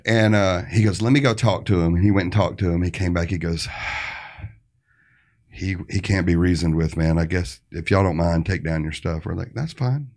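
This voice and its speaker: A man's voice: deep voice, moderate pace. A man telling a story as a podcast guest, acting out what other people said. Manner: animated, acts out other people's lines. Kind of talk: casual storytelling.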